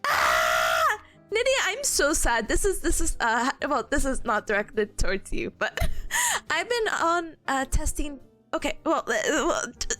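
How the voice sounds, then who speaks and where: A woman's voice: high-pitched, a bit bright. A young woman streaming and chatting casually with her viewers, bubbly and giggly, with a lot of laughter and playful complaining.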